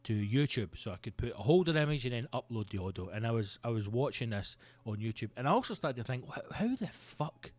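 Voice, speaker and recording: A man's voice: medium pitch, fast talker, hardly any pauses. Sweary, rambling Scottish man in his thirties. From Scotland. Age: 30s. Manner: animated, sweary, rambling storytelling. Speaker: comedian podcast host. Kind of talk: solo comedic monologue.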